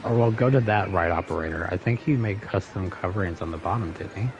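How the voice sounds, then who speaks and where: A laid-back man with a very deep, low voice co-hosts a casual live stream. He talks hesitantly and fills the gaps with ums. Steady background noise sits clearly under his voice. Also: fast talker, muffled recording. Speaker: co-host.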